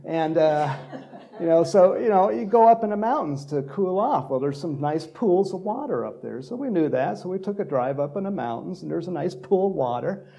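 Chatty gravelly-voiced pastor, rambling sermon. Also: male voice, high voice, lively intonation, moderate pace, warm tone. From Texas. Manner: chatty, rambling, laughing between stories. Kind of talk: casual sermon.

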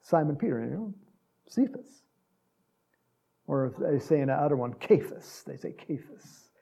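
Gravelly-voiced man teaching the Bible. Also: fairly high pitch, animated, fast, warm tone. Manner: conversational, many fillers, chuckles. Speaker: Bible study leader. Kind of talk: casual sermon.

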